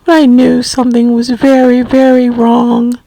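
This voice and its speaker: A middle-aged woman telling a personal story about caring for her mother, slow and gently reflective. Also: a little high, completely flat delivery, no room sound, rough recording. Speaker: family caregiver recounting her mother's illness.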